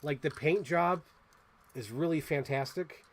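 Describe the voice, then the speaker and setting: A man hosting a casual toy unboxing, chatty and excitable as he gushes over what he shows. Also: a little high, measured pace. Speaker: host.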